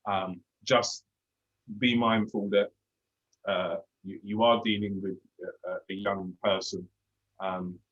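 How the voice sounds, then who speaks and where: Cockney man, thirties, low husky voice, earnest and reflective, dull lo-fi audio. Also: steady tone, slow, fairly bright tone. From London. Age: 30s. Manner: earnest, reflective, with frequent restarts. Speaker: discussion guest, former police officer. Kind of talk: casual discussion.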